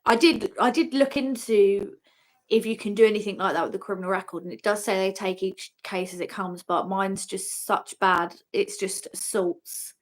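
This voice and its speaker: A woman with a British accent chatting as a guest on a live stream, excitable and often laughing. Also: medium pitch, normal speed, low-quality recording. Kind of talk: casual live-stream chat.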